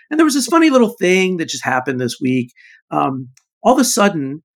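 A man's voice: fairly high pitch, a bit bright. A man co-hosting a podcast in casual chat, joking and full of fillers and restarts. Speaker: podcast co-host.

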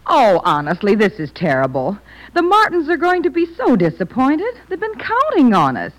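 A scolding, exasperated wife. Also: female voice, high voice, huge pitch swings, normal speed, poor audio. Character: scolding, worried adult wife. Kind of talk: 1940s radio ad acting. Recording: old radio broadcast recording.

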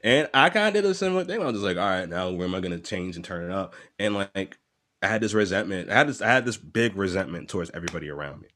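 A man's voice: low voice, animated, fast, a bit bright. A man talking openly and casually, rambling a little, swearing and laughing often. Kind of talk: casual podcast chat.

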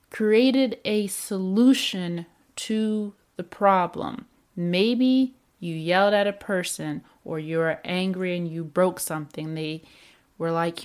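A woman giving a reflective self-help talk about anger, with repeated emphatic phrases and rhetorical questions. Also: medium pitch. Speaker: speaker on anger and emotions.

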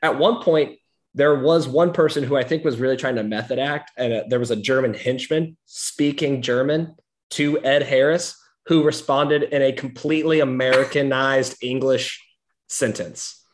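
A man's voice: mid-range voice, normal speed. A young man hosting a casual movie discussion, chatty and rambling as he leads the talk. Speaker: podcast host. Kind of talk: casual chat.

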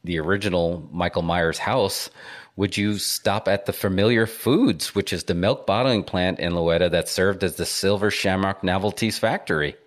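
Deep-voiced man hosting a podcast. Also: moderate pace. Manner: curious, rambling questions with fillers. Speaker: podcast host. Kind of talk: podcast conversation.

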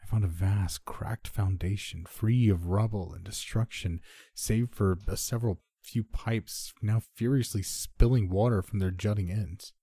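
A man reading a first-person horror story in a measured, subdued way. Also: fairly low pitch, fairly even intonation, dark tone, slightly rough, no echo, studio quality.

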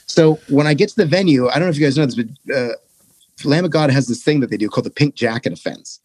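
A man on a podcast telling a tour story, animated and profane, jumping into higher voices for quotes. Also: fast, breathy edge, dry recording. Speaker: podcast guest, touring musician. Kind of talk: casual storytelling.

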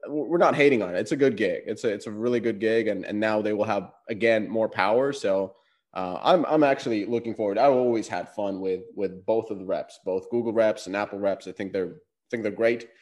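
A man's voice: on the low side, fairly quick, a little mellow. Man, podcast host, casual chat, joking, chuckles often.

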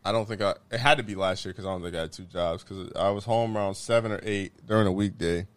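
Telling a story among friends, a young man speaks quickly in a low, smooth voice with no echo, animated and swearing, laughing as he acts out quotes from the people in it.

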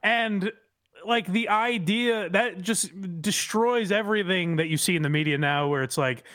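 A man's voice: sits high, normal speed, sharp tone, no echo, studio quality. A man co-hosting a comedy podcast, giving blunt, profane commentary in casual chat. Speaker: podcast co-host.

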